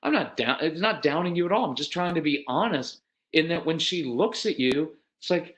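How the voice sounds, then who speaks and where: Earnest, animated man. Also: normal speed. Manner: animated, acts out quoted parents with sudden pitch jumps; folksy, earnest, addresses dads directly. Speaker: parenting speaker. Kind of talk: parenting seminar talk.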